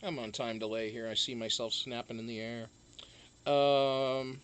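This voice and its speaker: A man's voice: mid-range voice, a little slow, clear, resonant tone. A man hosting a casual live stream, chatting loosely, greeting viewers one by one and swearing freely.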